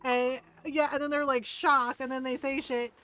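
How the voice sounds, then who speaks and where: A woman streamer chats casually while she plays, full of fillers, swearing and laughter. Her voice sits a little high for a woman, and she slips easily into reading the game's story aloud. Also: flat delivery, fairly bright tone. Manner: chatty, profane, laughing, lots of fillers; also reads game story aloud at a brisk pace. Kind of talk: casual gaming stream chat.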